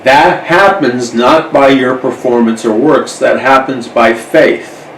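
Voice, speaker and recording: A man preaching on a talk show with a gravelly edge, repeating his points with earnest insistence. He speaks slowly and deliberately. He sits back from the mic in a roomy space with a faint hum behind him. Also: mid-range voice, fairly bright tone, distant mic. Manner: earnest, repeats key phrases for emphasis. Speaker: radio host and minister.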